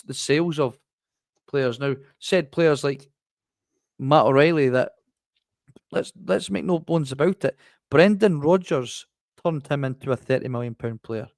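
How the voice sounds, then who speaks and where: A man on a football podcast video call, rambling with restarts and sounding frustrated. His pitch sits in the middle range. The recording is dry and close. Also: no echo. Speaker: podcast co-host.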